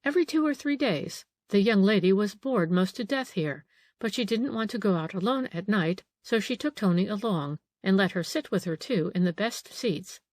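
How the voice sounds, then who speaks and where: A woman's voice: mid-range voice, expressive, normal speed, a little mellow, no echo, natural voice. A woman voicing a frightened middle-aged female housekeeper in an audiobook, anxious and eager to please. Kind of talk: audiobook character reading.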